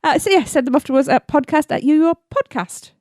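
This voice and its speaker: A woman's voice: high-pitched, fairly quick, a little mellow, no echo, studio quality. A woman co-hosting a podcast in casual chat, giggly and playful, tripping over words. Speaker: podcast co-host.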